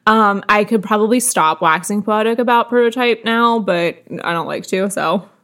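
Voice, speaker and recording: A woman co-hosting a casual podcast, telling stories in an animated way and swearing freely. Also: mid-range voice, normal speed. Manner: animated storytelling with frequent swearing. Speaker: podcast co-host. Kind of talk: casual chat.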